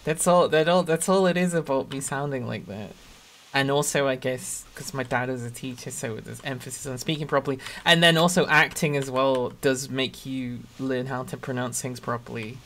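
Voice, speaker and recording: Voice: mid-range voice, moderate pace, fairly bright tone. Rambling streamer with a Northern English accent. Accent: Northern English, Sheffield area. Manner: rambling, chatty, laughs mid-sentence; trims own accent toward neutral. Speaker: game streamer reading chat. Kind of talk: casual live-stream chat.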